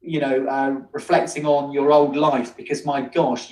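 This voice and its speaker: A man hosting an interview, warm and effusive, chatting casually with his guest. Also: fairly high pitch, fairly even intonation, moderate pace, hardly any pauses. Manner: warm, effusive praise, calls guest "mate". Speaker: host. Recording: echoey, distant sound.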